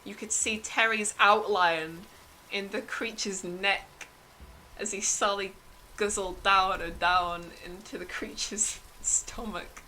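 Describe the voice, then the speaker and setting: Slow giggly woman improvising a story. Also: mid-range voice, fairly even intonation, bright, forceful tone, a little hiss or hum, low-quality recording. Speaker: streamer.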